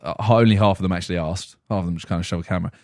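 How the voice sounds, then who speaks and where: This young podcast co-host speaks in a low voice at a racing pace, recorded with studio quality and no echo. In casual chat he tells a rambling, animated anecdote, acting out what people said.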